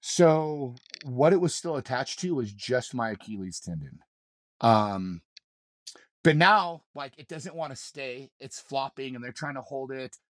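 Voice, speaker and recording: A man's voice: medium pitch, lively intonation, measured pace, no echo, clean studio sound. A man, a mountain guide on a podcast, telling a story in a loose, rambling way, full of swearing and restarts. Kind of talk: casual storytelling in an interview.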